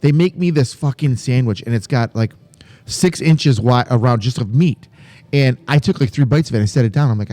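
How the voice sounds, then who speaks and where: A man's voice: medium pitch, moderate pace, dark tone. A man co-hosting a podcast in casual comedic banter, telling profane stories with bursts of laughter. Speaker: podcast co-host.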